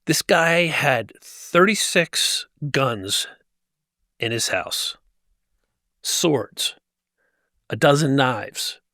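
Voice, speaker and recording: A man's voice: medium pitch, lively intonation, extremely slow, pauses often, pushed and bright, dry recording, studio quality. A man from New Jersey, a guest in an interview, telling a personal story in an intense, emphatic way with frequent restarts. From New Jersey, USA. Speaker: guest, motivational speaker. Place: tent set used for a podcast.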